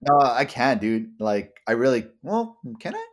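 A young man co-hosting a loose podcast conversation. He tells meandering stories full of swearing and stammered restarts. His voice sits at an average pitch for a man. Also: very animated, unhurried. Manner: rambling, profane, many restarts and stammers. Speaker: podcast co-host. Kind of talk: casual chat.

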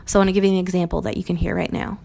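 A woman's voice: lowish voice, level tone, very fast, gravelly, mellow, a little hiss or hum. A young adult woman, a Montessori teacher, speaks earnestly and reflectively on teaching and acts out short quoted phrases. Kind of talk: recorded talk on teaching.

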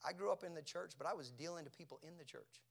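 A man preaching a sermon, asking his congregation questions and swinging from hushed near-whispers to loud shouting. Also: on the high side, fast talker, vocal fry.

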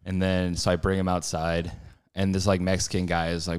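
Young male podcast co-host, deep voice, animated storyteller who voices the people in his tales. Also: brisk, smooth. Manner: animated, acts out voices in his stories, swears a lot. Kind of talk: casual storytelling chat.

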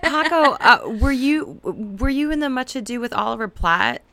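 Cohost asking questions, bright tense voice, dry close sound. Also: high voice, expressive, moderate pace, creaky, no room sound. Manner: curious, asks questions. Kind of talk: casual chat.

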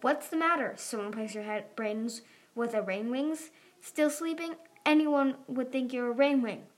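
A woman's voice: sits high, measured pace. A woman voicing a proud, dramatic young female dragon. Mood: teasing. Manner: dramatic, teasing.

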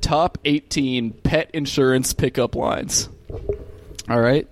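A man's voice: mid-range voice, takes it slowly, a little hiss or hum. A man in casual comedic chat, reading crude jokes aloud and laughing as he goes.

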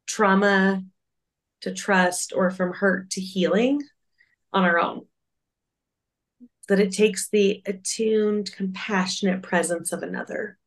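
Earnest woman musing on a podcast. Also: medium pitch. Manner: earnest, reflective, lots of "like" fillers. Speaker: podcast co-host. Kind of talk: casual faith-based podcast chat.

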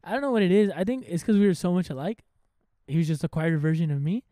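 A young man telling work stories in loose, slang-heavy chat, swearing often. His voice is mellow and dark, a little higher than most men's. The sound is close and dry. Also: lively intonation, fast talker, no room sound. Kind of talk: casual chat.

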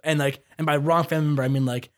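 A young man co-hosting a casual podcast chat, animated and acting out quotes in shifting voices. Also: a little high, racing. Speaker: podcast co-host.

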